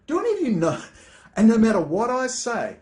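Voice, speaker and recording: A man's voice: very high voice, wildly swooping pitch, a little fast, darkish tone. A man giving an angry, exasperated rant as a political commentator, swearing often. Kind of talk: ranting monologue. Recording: echoey room.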